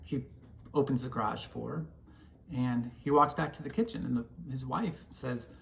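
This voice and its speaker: A man's voice: medium pitch, normal speed, creaky, fairly bright tone, a little hiss or hum. A man sending a casual video message to a friend, telling jokes in a hesitant way with many ums and restarts.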